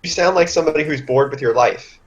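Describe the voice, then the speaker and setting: A man's voice: fairly high pitch, quick pace, highs cut off. Blunt man playing a tabletop game. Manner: casual, blunt, rambling. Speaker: player. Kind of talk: tabletop role-play, in character.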